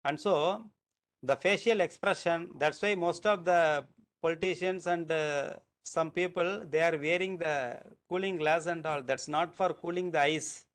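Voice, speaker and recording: A man with a Tamil Nadu Indian English accent delivers a university lecture. His voice sits a little higher than most men's. He explains patiently, often breaking off to restart a sentence. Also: unhurried. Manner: explanatory, restarts sentences, repeats phrases to show stress. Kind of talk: recorded lecture.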